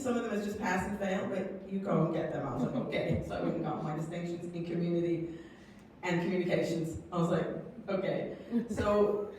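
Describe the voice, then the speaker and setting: A woman in her fifties from England, giving an earnest, emotional personal testimony as a guest speaker, with frequent laughs and halting restarts. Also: on the low side, a little mellow. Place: community hall. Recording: echoey hall, distant mic, faint noise.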